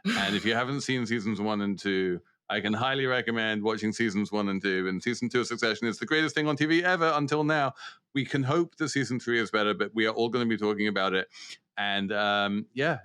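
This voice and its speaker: A man appearing as a podcast guest, talking in a wry, animated way. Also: lowish voice, a little fast, smooth, no room sound.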